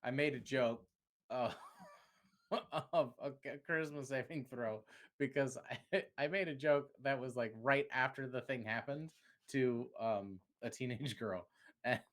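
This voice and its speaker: A man's voice: mid-range voice, a little slow, a bit bright. Man, Southern US accent, podcast co-host; rambling, self-interrupting, laughs often. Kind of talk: casual chat.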